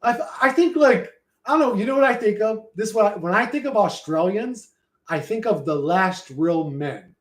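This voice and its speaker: A man streaming live, chatting loosely with his viewers in a rambling, profane, slangy way. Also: sits high. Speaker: streamer reading and answering chat. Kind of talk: casual livestream chat. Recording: roomy echo.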